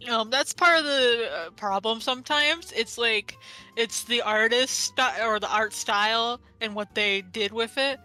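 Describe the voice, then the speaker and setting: A woman artist chatting casually on a stream, excitable and giggly, talking in bursts. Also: a little high, measured pace, soft background music. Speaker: vtuber artist on a panel.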